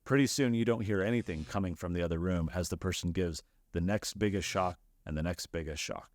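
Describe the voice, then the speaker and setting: A man giving an explanatory lesson on logical fallacies, telling examples in a lively storytelling way and briefly acting out the voices he quotes. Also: low voice, brisk. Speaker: lecturer.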